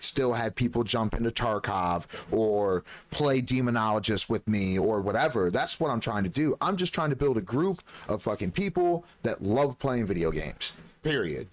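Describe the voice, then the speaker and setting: A man streaming live, telling gaming stories in an animated, profane way and acting out the dialogue. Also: on the low side. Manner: animated storyteller, swears freely, acts out dialogue. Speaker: game streamer. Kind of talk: casual live-stream chat.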